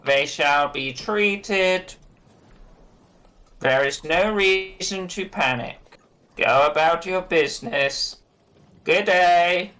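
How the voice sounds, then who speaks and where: A player voicing a pompous male captain who addresses his sailors with slow, grand proclamations. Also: mid-range voice, sharp tone, voice pushed up. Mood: proclaiming.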